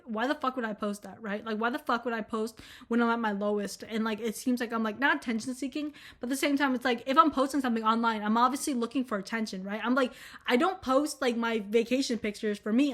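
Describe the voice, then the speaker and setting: Young woman venting on camera, swears a lot, says like constantly, voice a bit high. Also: fast. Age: young adult. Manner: rambling, frank and profane, many fillers. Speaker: vlogger. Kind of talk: casual candid monologue.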